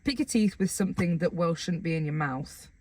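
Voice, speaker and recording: A young woman co-hosting a casual podcast chat, giggly, playful and excitable. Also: fairly low pitch, brisk, slightly rough. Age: young adult. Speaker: podcast co-host.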